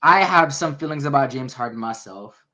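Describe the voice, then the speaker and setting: A man's voice: medium pitch, animated, normal speed, sharp tone, highs cut off. A man co-hosting a sports podcast who argues his points and pushes back in casual talk. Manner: argumentative, corrects and pushes back. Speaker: podcast co-host.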